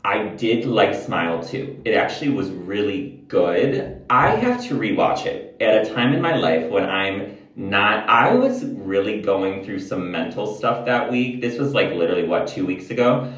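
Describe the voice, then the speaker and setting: A man's voice: fairly low pitch, expressive, a little slow, a bit bright. A man vlogging in a candid, rambling way, swearing freely as he chats to the camera. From United States. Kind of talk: casual chat to camera. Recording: roomy, mic at a distance.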